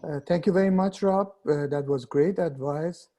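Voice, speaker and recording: Hesitant male moderator, mellow voice. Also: on the high side. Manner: hesitant, with fillers and slow phrasing. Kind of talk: thanking speaker, opening questions.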